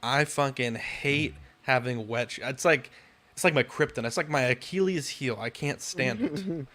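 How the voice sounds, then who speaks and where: A man's voice: mid-range voice, normal speed, fairly bright tone. Young man, podcast co-host, casual storytelling, frustrated and profane. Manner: exasperated, swears a lot, rants with rising outbursts.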